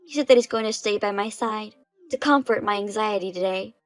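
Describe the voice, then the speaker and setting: A woman's voice: mid-range voice, a little fast, natural voice, low-quality recording. A woman voicing a shameless young bride-to-be who stays smug and unbothered.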